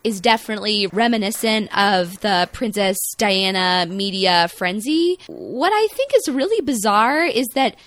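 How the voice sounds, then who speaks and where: A woman's voice: mid-range voice, unhurried, few pauses, no room sound. Young woman, Midwestern American accent, chatty podcast co-host, dry close sound. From Midwestern United States. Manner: chatty, self-deprecating, animated. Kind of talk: casual podcast discussion.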